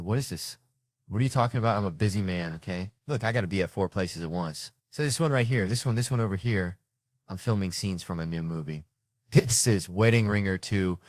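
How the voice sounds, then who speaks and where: A man working a stand-up stage, voice sitting a little low and recorded dry and close. He tells his stories with lots of animation and often jumps into loud shouted impressions. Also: dry recording. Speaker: comedian. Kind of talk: stand-up storytelling. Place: stage before a live audience.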